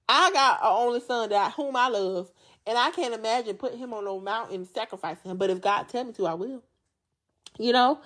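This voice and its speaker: A woman hosting a Bible study podcast, preaching in a casual, chatty way with slangy speech and a joking manner. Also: fairly high pitch. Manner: animated, jokey and chatty, often laughing.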